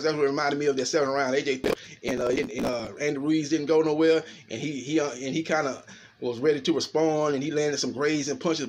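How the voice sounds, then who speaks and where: Fast-talking man breaking down a boxing fight. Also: medium pitch. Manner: fast, animated, filler-heavy talk with repeated "man". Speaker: boxing commentator. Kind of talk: casual boxing analysis.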